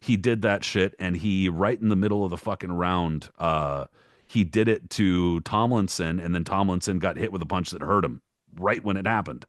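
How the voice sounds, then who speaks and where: Low-voiced man ranting profanely. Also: no room sound, studio quality. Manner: rapid listing with mock-quoted voices. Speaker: podcast co-host, boxing historian. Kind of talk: casual podcast rant.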